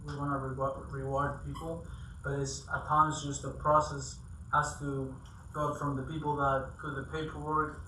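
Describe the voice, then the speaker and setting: A man's voice: medium pitch, little pitch movement, normal speed, pushed and bright. A man in the audience explaining a work problem, hesitant and repeating his words. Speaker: audience member asking a question. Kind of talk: halting question from the floor. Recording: echoey room, voice from far off, faint noise.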